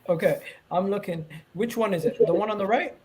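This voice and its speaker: A man hosting a casual football podcast, animated and quick to jump in, calling on viewers to like the video. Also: sits high, a crowd in the background. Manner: animated, talks over others, asks the audience to engage. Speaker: podcast host.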